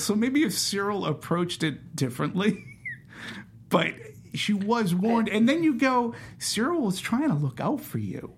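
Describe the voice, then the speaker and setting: A man with a husky, slightly raspy voice talks about a film in a casual panel chat. He is animated and keeps stopping to act out characters' lines, restarting his sentences as he goes. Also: high-pitched, a little slow. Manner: animated, acts out quoted lines with fillers and restarts.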